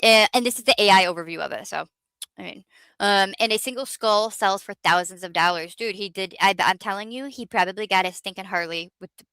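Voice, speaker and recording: A woman's voice: mid-range voice, a little fast, pushed and bright, clear, resonant tone, dry recording. A woman hosting a casual livestream, chatting with viewers in a rambling, self-mocking way. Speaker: livestream host.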